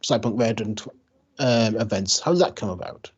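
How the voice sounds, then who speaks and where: Husky, eager male co-host. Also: fairly low pitch, moderate pace, dull audio. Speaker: podcast co-host. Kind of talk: casual podcast chat.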